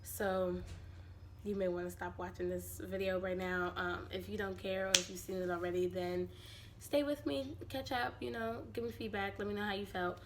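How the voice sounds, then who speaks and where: Woman, vlogger, raspy hoarse voice, casual animated chat, mid-pitched, slight hiss behind. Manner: chatty and animated, quick asides. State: hoarse from allergies.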